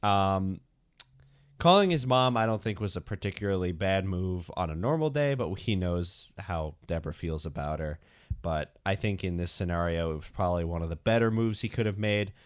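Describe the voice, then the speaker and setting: A man's voice: sits low, lively intonation, moderate pace, clear, resonant tone. A young man co-hosting a casual podcast, talking through his thoughts in a rambling, hesitant way with many fillers. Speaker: podcast co-host.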